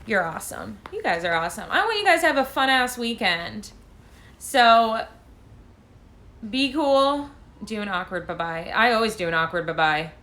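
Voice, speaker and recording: Bright-voiced chatty woman on a live stream. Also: on the high side, very animated, moderate pace. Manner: chatty, rambling, self-deprecating, swears casually. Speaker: tarot reader answering viewer questions. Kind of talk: casual livestream chat. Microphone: phone on a live stream.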